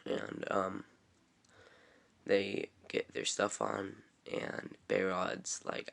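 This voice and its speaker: Young male reviewer, deep, gravelly voice, offhand rambling recap. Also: little pitch movement, very slow, a bit bright. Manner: rambling, filler-heavy, offhand. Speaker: TV episode reviewer. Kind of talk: casual episode recap.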